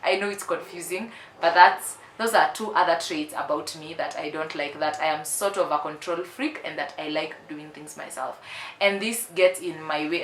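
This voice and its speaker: Low, bright-voiced young woman vlogging. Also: a little hiss or hum. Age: 20s. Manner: candid and emphatic, repeats herself for effect. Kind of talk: casual confessional vlog. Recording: roomy echo.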